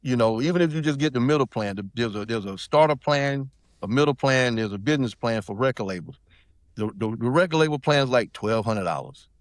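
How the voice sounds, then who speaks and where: A man's voice: mid-range voice, lively intonation, fairly quick, dry recording, studio quality. A middle-aged man from South Carolina, telling a personal story in loose, rambling casual talk as a podcast guest. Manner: loose, rambling, with many restarts and fillers.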